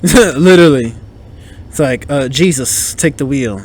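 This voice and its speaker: A man's voice: mid-range voice, unhurried, darkish tone. A man hosting a podcast, chatting casually in a movie commentary, joking and laughing often. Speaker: podcast host.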